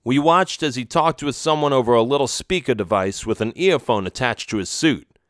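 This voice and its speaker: A man reads a children's adventure story aloud in the first person, his pitch moving in a lively way. His voice sits in a middle register, and the recording is dry and close with no room sound. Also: moderate pace, no echo. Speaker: audiobook narrator. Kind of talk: storybook narration.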